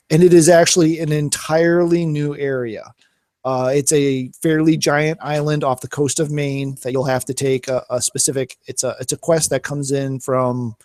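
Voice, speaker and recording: A man's voice: on the high side, darkish tone, dry recording. A man co-hosting a gaming podcast, chatting casually with lots of fillers and restarts. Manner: rambling, many fillers and restarts. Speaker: podcast co-host.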